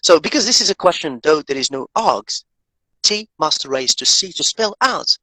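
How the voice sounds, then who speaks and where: A man's voice: on the high side, lively intonation, moderate pace, bright, forceful tone, dry recording, rough recording. A male professor lecturing on grammar, explaining step by step, often repeating himself and quizzing his students. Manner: asks students questions.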